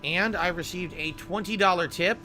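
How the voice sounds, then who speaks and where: A man's voice: sits high, moderate pace, sharp tone. A man live-streaming a game, thinking aloud over gear choices and thanking viewers for tips. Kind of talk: live gameplay stream chat. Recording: game music behind.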